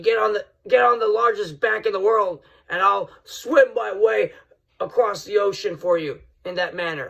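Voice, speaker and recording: High-voiced excitable podcast host man. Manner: excitable, rambling, addresses listeners as folks. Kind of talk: solo podcast monologue.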